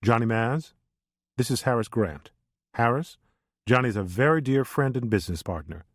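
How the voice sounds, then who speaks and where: A man doing a calm crime-family patriarch. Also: mid-range voice, moderate pace, no room sound, studio quality, lightly acted. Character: confident older male crime-family patriarch.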